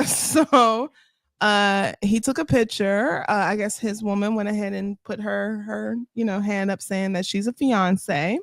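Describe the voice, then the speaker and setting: A woman's voice: mid-range voice, a little slow, vocal fry, no echo, clean studio sound. A woman co-hosting a podcast, reading dating profiles aloud in casual chat and laughing often. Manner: laughs often, reads in a flat listing way. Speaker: podcast co-host.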